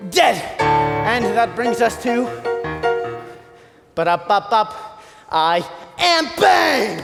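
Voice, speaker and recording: A man playing a theatrical butler who narrates in a school stage play, telling the story with dramatic, animated energy. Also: extremely high pitch, creaky, exaggerated voice. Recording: long hall reverb with loud music.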